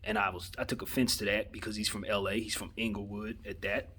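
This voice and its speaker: A man's voice: on the low side, little pitch movement, quick pace, sharp tone, breathy edge. A man from Los Angeles giving his opinion in a casual monologue, conversational and slangy, often repeating himself for emphasis. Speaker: vlogger giving sports opinion.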